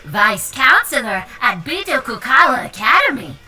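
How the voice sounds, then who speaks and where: A woman's voice: on the high side, big pitch swings, normal speed, crowd noise. A woman voicing a pompous, furious monkey villain who calls himself the vice counselor and rants grandly. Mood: grandiose. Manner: grandiose, indignant, shouting.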